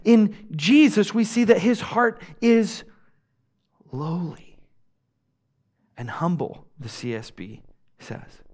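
Earnest young male preacher, slow and high. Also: sing-song. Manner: earnest preaching, swings between loud emphasis and soft hushed lines. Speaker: pastor. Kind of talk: sermon.

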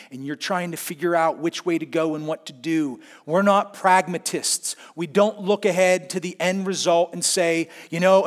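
A man preaching a sermon, telling a story expressively and swinging between hushed asides and emphatic points. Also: fairly high pitch. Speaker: pastor.

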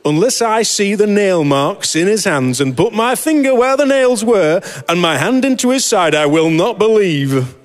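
Brief: gruff, stubborn Yorkshire doubter, high and pushed, as a man puts him on mid-sermon, long hall reverb. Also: expressive, moderate pace. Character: doubting apostle Thomas, blunt Yorkshire man.

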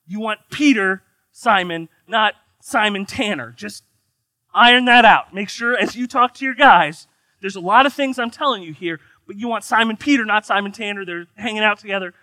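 A man's voice: high-pitched, moderate pace, pushed and bright, no room sound. A man voicing a breezy, chatty male angel messenger who over-explains, within a sermon. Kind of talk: sermon storytelling.

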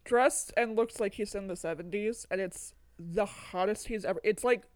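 Woman podcast co-host, rambling and animated, mid pitch, dry close sound. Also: normal speed, dry recording. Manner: animated, rambling, swearing freely. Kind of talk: casual chat.

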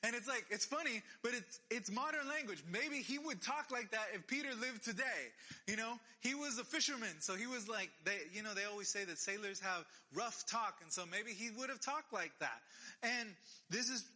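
A man with a high, very bright voice preaches in a casual, conversational way. He presses his points with emphatic repeated phrases. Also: moderate pace. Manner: conversational, emphatic repetitions, animated. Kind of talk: casual sermon.

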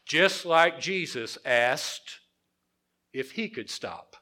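A man preaches a sermon with a bright, forceful edge to his voice. He talks to the congregation conversationally, circling back to repeat key phrases. He often sinks his voice low and quiet to drive a point home. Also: lively intonation, very slow. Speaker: pastor.

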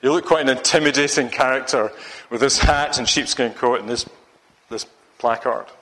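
A man's voice: medium pitch, normal speed, pushed and bright, long reverb tail. A man preaching a sermon, rambling and restarting his sentences often. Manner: rambling, with many restarts and fillers.

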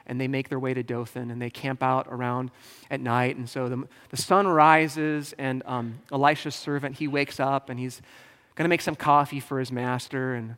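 A man's voice: medium pitch, level tone, moderate pace, a bit bright. A male pastor preaching a sermon in a casual, joking, conversational way. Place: church sanctuary. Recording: long hall reverb.

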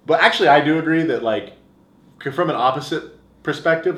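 A young married man co-hosting a podcast, with a dry, deadpan humor in casual chat. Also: fairly high pitch, a little fast, roomy sound. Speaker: podcast co-host.

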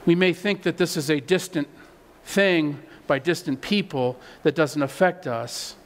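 A pastor with a high-pitched voice delivers a sermon in a conversational, plainspoken way. He often stumbles over and repeats words as he builds emphasis. His voice trails off into the long reverb of a church sanctuary. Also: unhurried, slight background noise.

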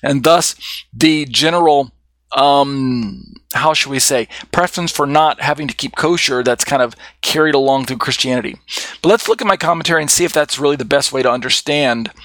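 A man's voice: mid-range voice, fairly bright tone, no echo. Man teaching a Bible study, dry sound. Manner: explanatory, with frequent fillers and restarts.

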